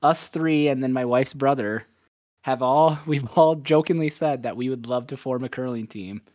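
A man's voice: mid-range voice, normal speed, a little mellow, dry recording, studio quality. A young man hosting a podcast in casual chat, rambling and upbeat, often correcting himself. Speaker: podcast host.

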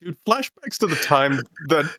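A man's voice: on the high side, big pitch swings, moderate pace, bright, forceful tone. A man talking as a player in a tabletop game, earnest and stammering over his words. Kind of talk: tabletop role-play chat.

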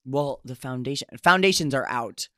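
A man co-hosting a casual chat podcast, animated and swearing freely, laughing often. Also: mid-range voice, normal speed. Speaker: podcast co-host.

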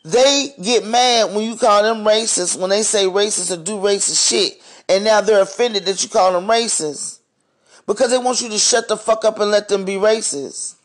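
A man's voice: high-pitched, normal speed. A man hosting a podcast, speaking in a blunt, profane, heated monologue rant. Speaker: podcast host. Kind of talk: ranting monologue.

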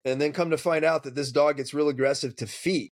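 A man's voice: fairly high pitch, a little fast. A man on a podcast, a dog trainer telling stories in casual, profane chat. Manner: profane, storytelling, animated.

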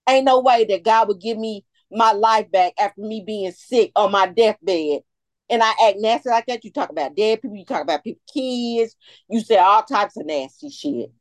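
A woman's voice: mid-range voice, darkish tone, dry recording. Woman ranting, heavy profanity. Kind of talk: casual chat.

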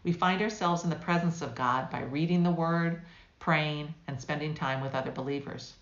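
A woman with a low voice reads a devotional reflection, calm and measured. The sound is dull and lo-fi, with a noticeably echoey room around her. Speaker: guest devotional writer.

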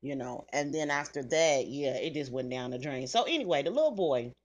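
Low voiced woman, blunt, cusses a lot, casual storytelling to her listeners. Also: lively intonation, brisk. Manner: blunt, salty, cusses freely, talks straight to listeners. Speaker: podcast host.

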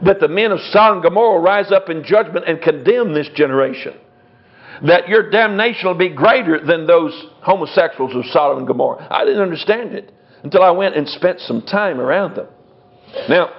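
A man's voice: on the high side, lively intonation, moderate pace, husky. A man teaching a sermon verse by verse, blunt and scornful in his emphatic preaching. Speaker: Bible teacher. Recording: dull lo-fi recording.

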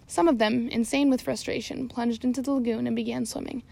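A woman narrating an audiobook in a steady reading voice. Her pitch sits somewhat high with noticeable vocal fry, and she now and then stumbles and corrects herself. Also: brisk. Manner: steady reading with occasional slips and self-corrections. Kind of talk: scripted narration.

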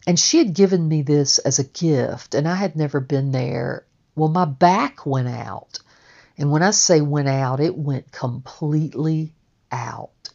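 A middle-aged woman telling her own story in a candid, salty, animated way, swearing freely. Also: low voice, measured pace, vocal fry, dull audio. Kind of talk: personal storytelling.

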